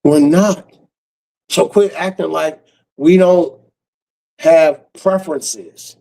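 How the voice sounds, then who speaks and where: Streamer, male, gravelly and slightly high, harsh profane ranter. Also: steady tone, slow, warm tone, poor audio. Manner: blunt, cursing, harsh. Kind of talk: profane casual rant.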